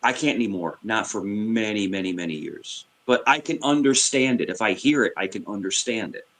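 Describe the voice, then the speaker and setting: A man's voice: on the low side, expressive, a little fast, fairly bright tone. A man in his fifties with a New York accent, rambling in casual chat and often restarting his sentences. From New York City. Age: 50s.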